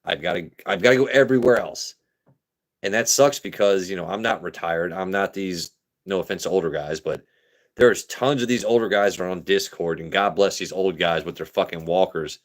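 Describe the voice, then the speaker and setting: A man's voice: low voice, brisk. A young man from Maryland hosting a live stream, chatting casually, swearing and reading chat. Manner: profane, animated, talks to chat. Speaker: livestream host.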